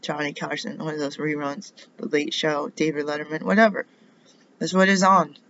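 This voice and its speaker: A woman's voice: low-pitched, level tone, normal speed, fairly bright tone, dull audio, a little hiss or hum. A middle-aged woman from the United States in a rambling personal monologue, indignant and full of rhetorical questions. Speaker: vlogger.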